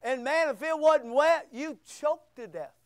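High-voiced preacher, slow and emphatic. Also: male voice, dry recording. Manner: emphatic preaching with sudden loud bursts and quiet asides. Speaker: pastor. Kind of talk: sermon.

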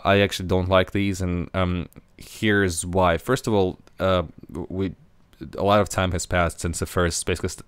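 A man's voice: low voice, clean tone, no echo. A man hosting a casual podcast discussion, talking with many fillers and restarts. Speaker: podcast host.

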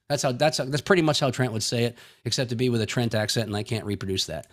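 A man's voice: medium pitch, expressive, quick pace, a bit bright. A male pastor preaching a sermon in a folksy, joking way, acting out everyday conversations.

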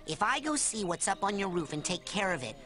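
A woman's voice: medium pitch, big pitch swings, fairly quick, a bit bright, soft background music. A woman voicing a plucky, determined young psychic hero in a video game. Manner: eager, cheeky, determined.

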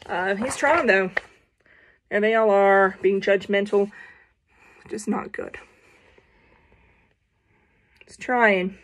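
A woman's voice: medium pitch, slow, long pauses. A young woman reading a children's picture book aloud at home, playful, with chatty asides to her viewers. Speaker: storybook reader for children.

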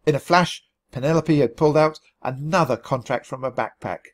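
A man reading a children's storybook aloud for learners, in an expressive, animated way. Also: mid-range voice, normal speed. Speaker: storybook reader.

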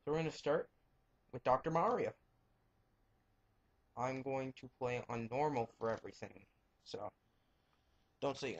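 A man's voice: mid-range voice, measured pace, pauses often. Young man rambling over gameplay, lo-fi. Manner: rambling, frank, mutters reactions while playing. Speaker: let's play gamer. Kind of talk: casual gameplay commentary. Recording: dull lo-fi home mic.

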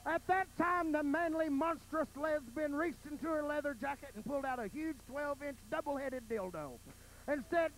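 Casting: male drag queen, very high voice, campy storybook narration, faint stage noise. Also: expressive, normal speed, a bit bright, rough recording. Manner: mock-sweet fairy-tale narration with campy emphasis. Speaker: drag performer. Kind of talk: bawdy comic storytelling on stage. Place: pageant stage.

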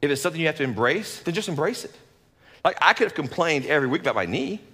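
A man, a lead pastor, giving a conversational sermon in an animated, folksy way with joking asides. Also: fairly high pitch, fast, husky, long reverb tail.

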